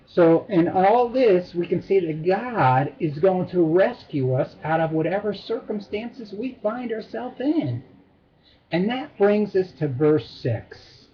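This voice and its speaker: Slow husky man giving a devotional. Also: sits high, animated. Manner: slow, repeats phrases for emphasis. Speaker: devotional teacher. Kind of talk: short Bible devotional talk. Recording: dull lo-fi recording.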